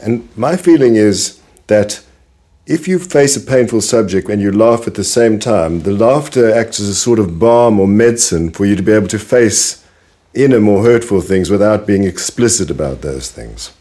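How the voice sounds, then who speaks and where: A man's voice: fairly low pitch, animated, normal speed, warm tone. A man interviewing a guest, thoughtful and appreciative as he reflects on the guest's points. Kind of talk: conversational podcast interview.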